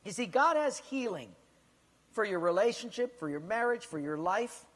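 A male pastor preaches a sermon, putting direct questions to his congregation and weaving in stories. His voice sits high. A long reverb trails his words around a large hall. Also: expressive, normal speed, a bit bright.

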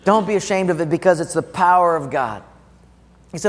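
A middle-aged man preaching a sermon, animated and conversational, acting out the voices he quotes. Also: high-pitched, fairly quick, long reverb tail. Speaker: pastor.

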